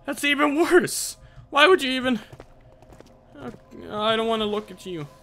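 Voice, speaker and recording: A young man commenting on a horror game as he plays, excitable and jumpy, swearing often. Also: extremely high pitch, moderate pace, faint music behind. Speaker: gameplay commentator.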